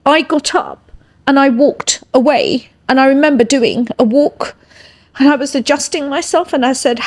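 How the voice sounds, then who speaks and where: A woman's voice: high-pitched, normal speed, darkish tone. A woman with an English accent, a podcast guest earnestly telling a personal story and often checking in with her listener. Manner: earnest, checks in with "yeah?" tags. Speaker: interview guest.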